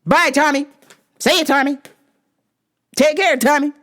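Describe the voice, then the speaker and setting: A woman imitating a loud, pushy man customer who shouts one word over and over. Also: high-pitched, fairly even intonation, very fast, voice pushed up. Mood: shouting.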